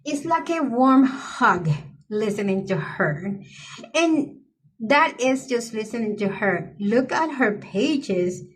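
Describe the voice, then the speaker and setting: A woman's voice: a little high, lively intonation, slow, slightly rough. A middle-aged woman chatting casually to her viewers, gushing with effusive praise for other creators. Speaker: coloring channel creator. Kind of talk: casual chat to camera.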